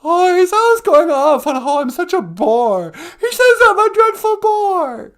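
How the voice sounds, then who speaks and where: A man voicing a bubbly, starstruck young woman in a high, shrieky squeal with drawn-out words, in a comic phone-call skit. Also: big pitch swings, a bit bright, exaggerated voice. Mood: giddy.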